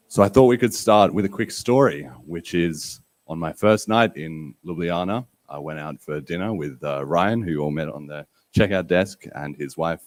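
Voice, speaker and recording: A man with a deep, low voice emcees a live conference from the stage. He tells a chatty story to the audience, full of loose fillers and restarts. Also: no echo. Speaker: podcast host and event MC. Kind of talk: live conference opening talk. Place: event stage before an audience.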